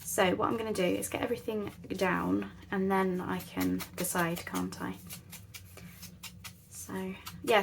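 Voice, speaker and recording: Chatty woman, slightly gravelly. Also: mid-range voice, slight background noise. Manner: chatty, rambling, self-deprecating. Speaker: crafting channel host. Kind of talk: casual craft tutorial chat.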